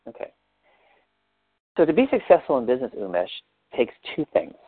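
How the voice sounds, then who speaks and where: A man leading a coaching session, asking gentle probing questions and explaining step by step. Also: mid-range voice, big pitch swings, normal speed, slightly rough, no room sound, narrow, tinny audio.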